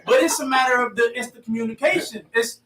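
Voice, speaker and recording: A man with a high voice talks quickly in a group chat, telling stories and voicing the people he quotes. He is away from the mic in an echoey room with a faint hum of ambience behind him. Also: far from the mic, a loud crowd. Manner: quick, storytelling, acts out quoted lines. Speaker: discussion participant. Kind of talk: group discussion.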